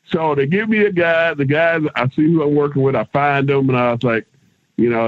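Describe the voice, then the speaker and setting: A middle-aged man, a former pro wrestler, telling road stories as an interview guest in a loose, animated way. He acts out what others said and swears casually. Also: a little high, fairly quick, no room sound. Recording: tinny phone-line sound.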